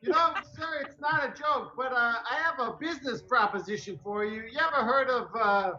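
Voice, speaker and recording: A man's voice: extremely high pitch, a little fast, pushed and bright. A man playing a tabletop game, talking in character in a flustered, hesitant way and stammering. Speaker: player. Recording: dull, echoey lo-fi audio with faint music.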